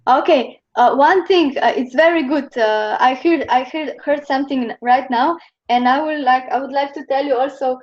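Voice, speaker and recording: A woman from Slovenia teaching Chinese pronunciation over a video call, patiently repeating each sound for her students. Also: high-pitched. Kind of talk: online pronunciation lesson. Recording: muffled video-call audio.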